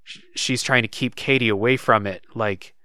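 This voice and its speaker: A man talks casually about a story game he played, looping back with fillers as he thinks. His voice is smooth and resonant. The sound is dry and close, with no room around it. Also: medium pitch, normal speed, dry recording. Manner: relaxed, thinks aloud with many fillers. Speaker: podcast co-host. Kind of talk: casual chat.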